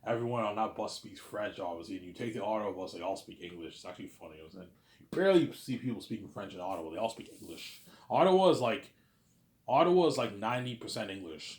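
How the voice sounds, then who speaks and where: This Canadian vlogger's voice is on the low side, and his rambling, repetitive monologue echoes around the room. He's casual, swears offhandedly, and often asks "you know what I'm saying".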